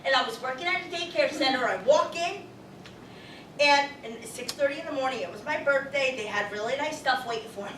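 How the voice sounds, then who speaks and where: A woman psychic medium talking to a live audience, loud, rambling and full of cursing. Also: high voice, fairly quick, a little hiss or hum. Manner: loud, profane, rambling storyteller. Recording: echoey room, far from the mic.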